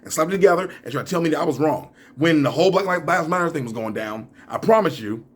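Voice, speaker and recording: A young man with a slightly husky voice talks straight to camera in a reaction video. He rants with lively swings in pitch, breaks into laughs, and then drops low into muttered asides. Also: fast. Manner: animated, laughing, ranting, drops into mumbles. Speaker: YouTuber.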